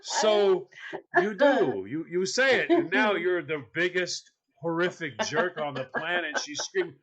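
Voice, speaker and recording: A man's voice: high voice, expressive, a little slow, a bit bright. A man comically retelling an exasperating story, laughing as he talks with mock bewilderment. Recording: audience noise behind.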